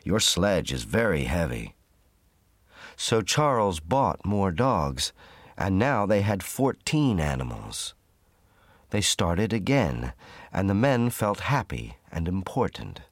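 Deep, slow male storybook narrator. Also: big pitch swings, no echo. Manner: measured, clear reading for learners.

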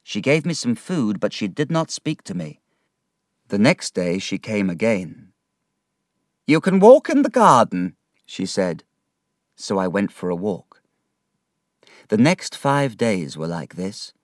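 A man reading a story aloud as narrator, slow and gentle. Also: on the low side, lively intonation, no room sound, studio quality.

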